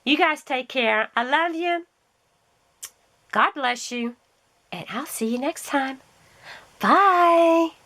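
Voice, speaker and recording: Middle-aged woman, craft vlogger, relaxed chatty storyteller who laughs a lot, voice on the higher side. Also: takes it slowly, long pauses. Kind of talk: casual chat while crafting.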